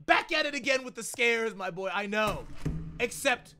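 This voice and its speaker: A young man chatting casually on a gaming livestream, reacting loudly and thanking viewers for donations. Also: very high voice, moderate pace. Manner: excitable, loud outbursts, reads out donations. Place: home.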